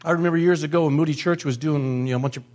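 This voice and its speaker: A man's voice: fairly high pitch, rapid-fire, a little mellow. An older man preaching a sermon as a pastor. He tells stories, acts out family members' voices and repeats phrases for emphasis.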